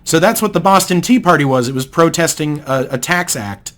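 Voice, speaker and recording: A man's voice: a little high, lively intonation, brisk, fairly bright tone. A young man from New hosting a podcast, explaining things patiently in casual chat. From New England, United States. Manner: explains patiently, with many fillers and restarts. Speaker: podcast host.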